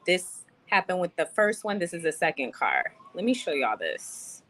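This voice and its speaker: A woman's voice: fairly low pitch, big pitch swings, moderate pace, a bit bright, low-quality recording. A young adult woman venting in a casual livestream, chatty and swearing as she reads chat comments. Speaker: vlogger on a livestream.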